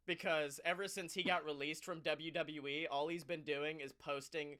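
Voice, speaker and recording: A high-voiced man with a bright, forward tone chats about wrestling on a podcast. He tells stories in an animated way, swears freely and laughs often as he talks. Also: normal speed. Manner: animated, profane, laughing storyteller. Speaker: podcast co-host. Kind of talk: casual wrestling chat.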